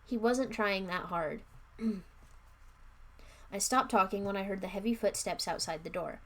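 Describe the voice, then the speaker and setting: A woman's voice: medium pitch, unhurried, long pauses. A young woman streaming a live book reading, narrating and breaking off for wry, offhand comments. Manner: wry, offhand, chatty asides.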